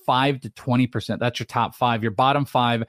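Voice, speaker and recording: A man in his thirties talking fantasy baseball in a loose, chatty way, firing off lists of player names and percentages. His voice sits at an ordinary middle pitch. The sound is dry and close, with no room around it. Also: fairly even intonation, normal speed, dry recording. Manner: chatty, rattles off names and stats. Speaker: podcast co-host. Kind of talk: casual fantasy baseball chat.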